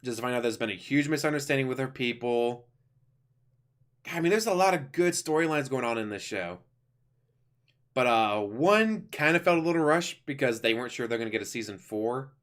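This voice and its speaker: A man's voice: medium pitch, lively intonation, brisk, a bit bright. Rambling, enthusiastic man reviewing a show. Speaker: YouTuber reviewing an animated show. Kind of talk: casual spoken review.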